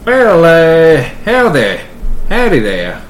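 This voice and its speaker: A jovial armored commander with a rough attempt at an Australian accent, his greetings lively and swinging in pitch, as a man puts him on. The voice sits in a roomy space with noticeable background noise. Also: slow pace, exaggerated voice. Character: gruff male commander in red armor.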